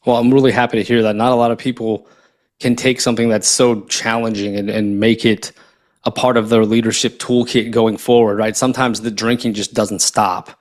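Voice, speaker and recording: A man's voice: lowish voice, little pitch movement, brisk. A man hosting a podcast, responding to his guest in an encouraging, conversational way. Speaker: podcast host. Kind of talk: supportive interview talk.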